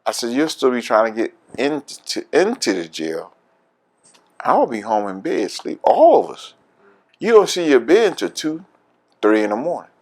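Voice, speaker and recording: A man's voice: mid-range voice, sing-song, normal speed. A man with a Philadelphia accent, a veteran telling his story in an oral history interview, candid and laughing often.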